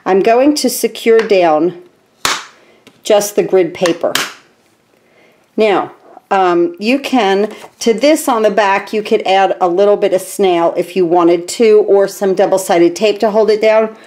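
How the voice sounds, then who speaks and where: A woman in her fifties talks through a card-making tutorial in her home craft room. She is chatty and eager and drops plenty of ums as she goes. Her voice sits at an ordinary pitch for a woman. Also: measured pace, darkish tone. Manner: chatty and enthusiastic, with frequent ums. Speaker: stamping demonstrator.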